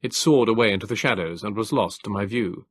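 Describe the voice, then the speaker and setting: A man narrating an audiobook in a measured, formal storytelling voice, recorded close on a studio mic. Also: lowish voice, breathy edge, no room sound.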